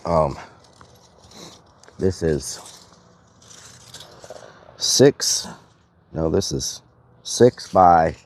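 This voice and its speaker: A man's voice: low voice, lively intonation, extremely slow, pauses often, a little mellow. A man hosting a live stream outdoors, chatting casually and muttering sums to himself as he works things out. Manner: mutters to himself while working out sums aloud. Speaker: livestream host.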